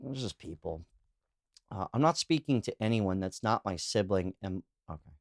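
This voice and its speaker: A man's voice: low-pitched, animated, moderate pace. A man hosting a podcast, talking through read-out comments in a loose, candid, rambling way, full of "you know" and "like". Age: adult, calls himself too old. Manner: laughs while telling anecdotes. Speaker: podcast host. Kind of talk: casual solo monologue, reacting to read-out comments.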